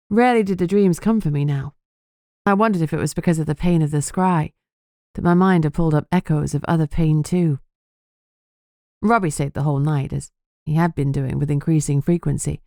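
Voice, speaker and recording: Woman, low voice, dry studio audiobook narration, earnest. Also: mellow, dry recording. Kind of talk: first-person audiobook narration.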